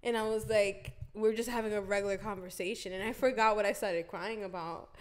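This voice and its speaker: A woman's voice: mid-range voice, steady tone, fairly quick. A young woman guest on a casual podcast, laughing often while telling stories and dropping Dominican slang. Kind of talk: casual chat.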